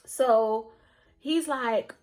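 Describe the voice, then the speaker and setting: A young woman tells a casual storytime story in her vlog. She is animated, acts out the voices of the people in it and laughs often. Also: fairly high pitch, extremely slow, faint music behind. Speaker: vlogger.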